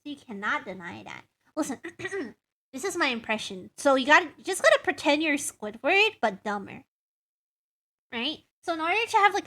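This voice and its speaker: Woman streamer, high and bouncy, chatty and self-mocking, greets chat, playful noises. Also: pushed and bright. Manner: playful, hums and makes silly noises. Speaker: VTuber game streamer. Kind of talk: casual live-stream chat.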